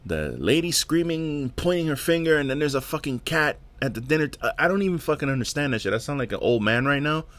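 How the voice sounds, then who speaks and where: A man's voice: on the high side, sing-song, quick pace, hardly any pauses, fairly bright tone. A man hosting his own podcast, ranting alone in a profane, exasperated way and often repeating words. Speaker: podcast host. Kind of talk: casual solo rant.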